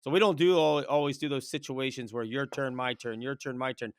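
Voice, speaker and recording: A man who coaches wrestling, talking in an energetic, rambling way on a casual podcast and telling stories about coaching. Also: mid-range voice, brisk, no echo, clean studio sound. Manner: energetic, storytelling, rambling with restarts.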